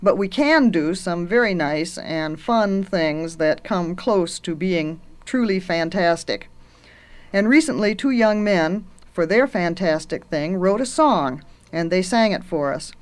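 Woman, middle-aged, university teacher, earnest, gentle, storyteller. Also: lowish voice, lively intonation, a little slow. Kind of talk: reading aloud and talking about books.

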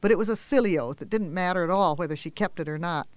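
A man telling a children's story aloud in a gentle, expressive way, with small pauses and fillers. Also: sits high, clean tone, dry recording.

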